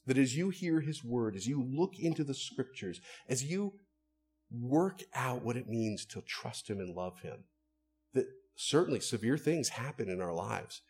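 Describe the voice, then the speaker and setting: A man's voice: mid-range voice, lively intonation, a little slow, darkish tone, slightly rough. A man, a pastor, preaching an earnest, conversational sermon and asking his listeners rhetorical questions.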